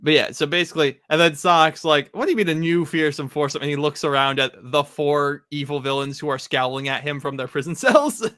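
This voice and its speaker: Casual podcast co-host, male, bright and slightly high, rambly filler-heavy delivery. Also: a little fast, hardly any pauses, dry recording, clean studio sound. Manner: rambling, many "like" fillers, laughs often. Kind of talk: casual comic recap chat.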